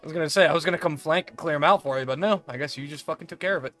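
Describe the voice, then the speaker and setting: Bright-voiced giggly male streamer. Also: on the high side, rapid-fire. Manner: giggly, crude, playful. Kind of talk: casual gaming chat.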